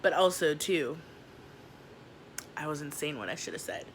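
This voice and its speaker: A woman's voice: low voice, animated, normal speed, a little hiss or hum. A young woman vlogger telling a story from her life in a casual, slangy way, acting out each scene as she goes. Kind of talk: storytime vlog.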